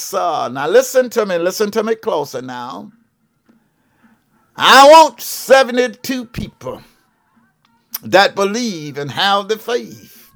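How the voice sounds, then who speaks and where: High-pitched and a bit bright, this voice belongs to a Georgia televangelist prophet in his seventies with a Southern accent. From a broadcast studio he makes a fervent, preachy appeal, repeats "what I'm saying," and calls out "yes ma'am, yes sir" to listeners.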